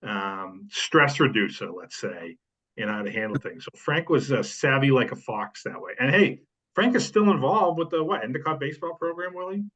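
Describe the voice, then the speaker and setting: A man's voice: mid-range voice, lively intonation, moderate pace, fairly bright tone. A man, a sports writer, reminisces at length in casual podcast chat, full of fillers and asides. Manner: rambling storytelling with many fillers. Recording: dull lo-fi sound.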